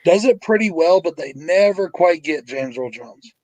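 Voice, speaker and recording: A man's voice: on the high side, lively intonation, normal speed, darkish tone, dry recording, rough recording. A man co-hosting a live horror show, chatting casually, swearing and egging others on to do voices. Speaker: podcast co-host. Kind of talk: casual chat trading impressions.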